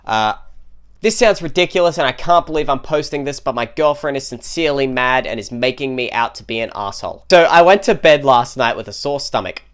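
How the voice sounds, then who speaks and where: A man's voice: medium pitch, animated, a little fast, smooth. A man co-hosting a comedy show, reading online posts aloud in a casual way, with laughs and jokey asides. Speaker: co-host reading online stories.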